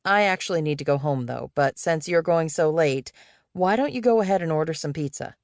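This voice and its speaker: A breezy middle-aged male executive, played by a woman reading an audiobook, casual and easygoing. The voice sits low and even, close and dry. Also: a little fast, no room sound.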